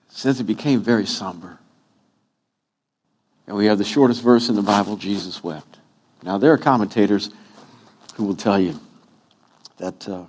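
A man's voice: on the low side, darkish tone. A pastor preaching a sermon, acting out quotes with wide swings in his voice.

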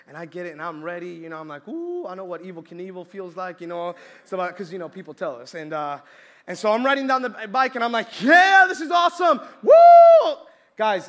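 Young male preacher from Colombia, high bright tone, animated storyteller. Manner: storytelling, lively, shouts and laughs in the story. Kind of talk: sermon.

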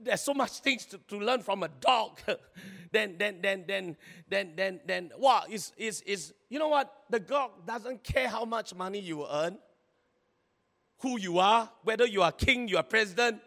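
A male pastor, preaching a sermon in an animated, exclaiming way, with many repeated words and sentence particles. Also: high voice, a little slow, creaky, in a large hall.

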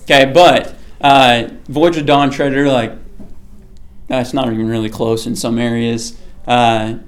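A man's voice: mid-range voice, little pitch movement, unhurried. Chatty man preaching to a small group. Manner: chatty, keeps checking in with "okay?". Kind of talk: casual sermon to a small group.

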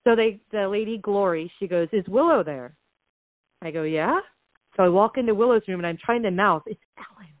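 A woman's voice: medium pitch, moderate pace, dry recording. Woman telling a story over a tinny line. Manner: animated retelling that acts out quoted dialogue. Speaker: podcast guest, real estate investor. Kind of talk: casual storytelling. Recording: dry, tinny phone-line sound.

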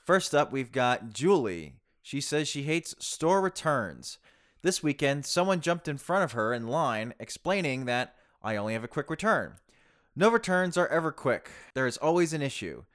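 A man's voice: mid-range voice, very animated, moderate pace, a bit bright, smooth. A man hosting a casual chat, teasing dryly and reading listener letters aloud. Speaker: podcast host reading listener mail.

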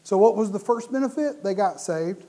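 Lively, mellow-voiced man preaching. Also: high-pitched, normal speed. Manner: animated, repeats and restarts words while preaching. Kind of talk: sermon.

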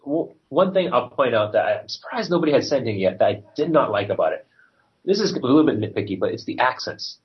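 A man's voice: medium pitch, big pitch swings, quick pace, dull audio. Rambling male podcast host. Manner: rambling, with many fillers. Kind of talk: casual film review chat.

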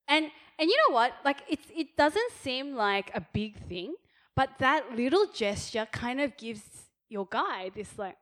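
A woman's voice: high voice, expressive, measured pace. A woman in her thirties giving practical marriage advice in a sermon, chatty, laughing often and checking in with "okay?". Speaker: pastor's wife, speaker.

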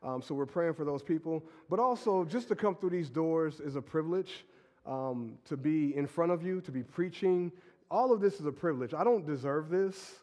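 A man who is a pastor and is sick, preaching a casual, energetic sermon full of fillers and laughs. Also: fairly high pitch, moderate pace, big-room sound. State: sick with a stuffy nose. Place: church sanctuary.

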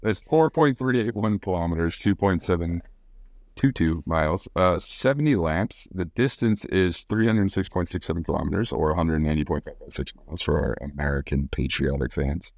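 A man with a very deep voice co-hosting a casual podcast. He jokes around and reels off track facts, and the sound is dry and close. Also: normal speed, gravelly, a little mellow, no echo. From Louisiana. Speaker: podcast co-host. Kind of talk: casual chat.

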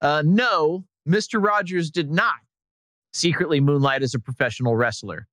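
A man's voice: on the high side, normal speed, fairly bright tone, no echo. A man hosting a podcast in casual comic chat, joking and laughing often. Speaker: podcast host.

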